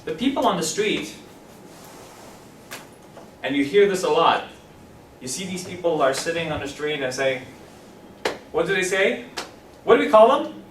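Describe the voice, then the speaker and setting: A man with a fairly high voice teaches an English class, lively and repeating phrases slowly so students can follow. He is picked up from across an echoey classroom, and a faint room hum sits underneath. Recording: roomy classroom from a distance.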